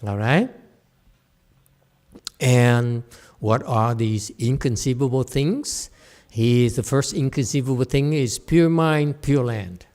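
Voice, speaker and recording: A man's voice: mid-range voice, slow, a little mellow. A middle-aged man, a Buddhist teacher, giving a chatty dharma lecture with digressive asides and frequent laughs. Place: temple hall.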